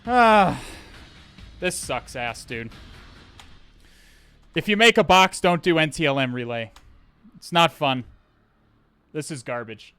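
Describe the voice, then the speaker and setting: A man's voice: a little high, expressive, takes it slowly, pauses often, pushed and bright, smooth, no room sound, soft background music. A man live-streaming a hacking session, talking to viewers in an exasperated way, swearing, sighing and restarting his sentences. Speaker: livestreamer.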